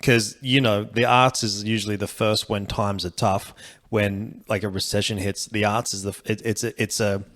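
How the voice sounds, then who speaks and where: Man, lowish voice, rambling casual podcast chat, swears and laughs a lot. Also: little pitch movement, normal speed, a bit bright. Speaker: comedian guest.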